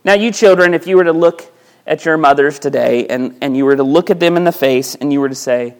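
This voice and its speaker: A man with a high voice preaches to his congregation in an easy, conversational way. He keeps asking rhetorical questions. He often repeats a word when he starts a phrase over. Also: brisk. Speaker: pastor. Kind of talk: sermon. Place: church sanctuary.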